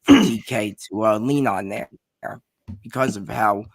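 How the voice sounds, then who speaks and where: A man co-hosting a casual chat, talking hesitantly with many pauses and fillers. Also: fairly low pitch, gravelly, husky, no echo.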